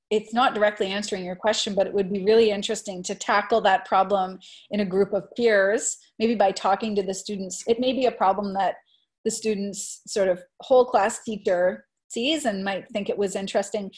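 A woman speaking over a video call as an education presenter, her voice sitting at a middle pitch. She answers questions in an earnest, reflective way and leans on "I think" as she reasons aloud. Retelling classroom moments brings out a lively, animated edge. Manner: grows animated when retelling classroom stories. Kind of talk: webinar Q&A answer.

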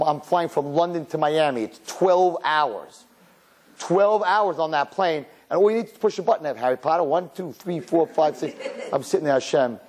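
A middle-aged man, a rabbi, preaching a sermon in an animated, storytelling way, laughing and quoting himself. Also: on the high side.

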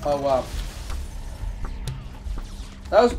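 A slightly high-voiced man chats and jokes through a co-op game, his voice bouncing all over. He breaks into sudden yelps when things go wrong. Game music plays clearly behind him. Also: very slow. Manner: excitable, joking, with sudden yelps. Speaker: co-op gamer. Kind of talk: casual gameplay commentary.

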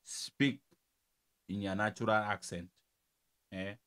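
A man's voice: on the low side, fairly even intonation, slow, a bit bright, clear, resonant tone. A man from Cameroon, giving casual, teasing reaction commentary and laughing often. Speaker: reaction video host.

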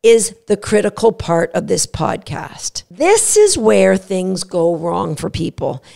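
Gravelly-voiced woman hosting a podcast. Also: mid-range voice, sing-song, slow, darkish tone. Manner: emphatic, acts out what dogs say. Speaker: podcast host, dog trainer. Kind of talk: podcast monologue.

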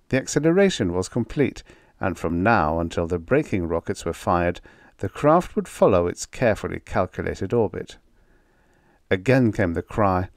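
A man narrates a vintage science fiction audiobook in a measured, dramatic style. His voice is fairly low and swings widely in pitch as he builds the scenes. The recording is dry and close, with no room sound. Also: darkish tone, no room sound.

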